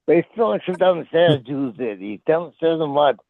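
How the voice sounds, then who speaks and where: A man doing a put-on Australian accent as an excitable wildlife showman, giving crude, profane commentary over a tinny phone-like line. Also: a little high, a little fast, no echo. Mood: excited.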